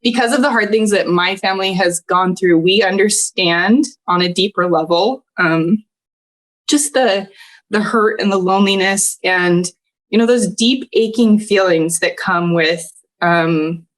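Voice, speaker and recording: A woman's voice: mid-range voice, a little slow. Tearful, earnest woman telling her story. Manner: earnest, tearful at times, laughs through emotion. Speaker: podcast guest. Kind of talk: emotional personal storytelling.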